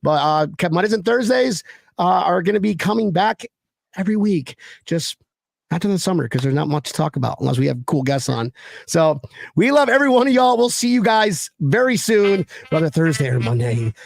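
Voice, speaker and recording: Gravelly high-voiced man hosting a podcast. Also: sing-song, brisk, no room sound. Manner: loose, joking, slangy. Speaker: podcast host. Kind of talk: casual show sign-off.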